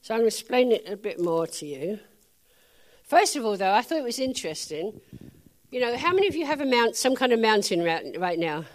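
A woman preacher telling a story in her sermon, chatty and quick to laugh. Her voice swings up and down with animated emphasis, sitting a little high. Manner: chatty, laughs often, playful asides.

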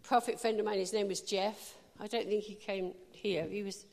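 A woman preacher giving a sermon, telling lively stories and speaking directly to the congregation. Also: medium pitch, gravelly, big-room sound. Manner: lively storytelling, quick asides to the audience. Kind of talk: sermon with anecdotes.

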